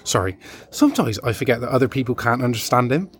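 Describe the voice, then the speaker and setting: A man's voice: mid-range voice, animated, quick pace, a bit bright, a little hiss or hum. A young man chatting on in a rambling, cheerfully oblivious way as a street entertainer in a comedy sketch.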